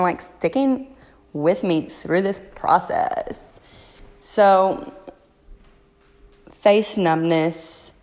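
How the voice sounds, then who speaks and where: A woman's voice: on the low side, darkish tone, in a large hall. A woman hosting a casual solo podcast, giving blunt, profane, frank advice. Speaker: podcast host.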